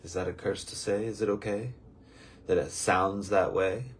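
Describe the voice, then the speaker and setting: A man's voice: low voice, steady tone, moderate pace, slight background noise. A man leading a daily spiritual lesson in a casual, rambling, reflective and good-humored way. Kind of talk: casual, meandering spiritual talk.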